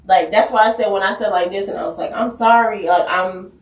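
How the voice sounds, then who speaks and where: A woman co-hosting a podcast in casual chat, telling animated stories and acting out quotes. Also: mid-range voice, fairly quick. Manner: animated storyteller, acts out quotes. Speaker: podcast co-host. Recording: roomy, distant mic.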